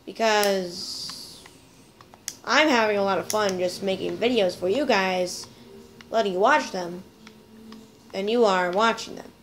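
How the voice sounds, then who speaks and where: A woman's voice: mid-range voice, a little slow, long pauses, fairly bright tone, a little hiss or hum, low-quality recording. A woman hosting a gameplay video, chatting playfully to her viewers as she plays. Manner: chatty, playful, talks to viewers while playing. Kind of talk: casual gameplay commentary.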